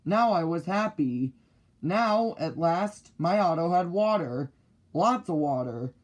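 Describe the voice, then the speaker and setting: Guy reading a kids' book out loud, slow and careful, plain voice. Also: a little high, animated. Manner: slow, deliberate, clearly paced reading. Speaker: storybook reader. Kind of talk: reading a children's book aloud.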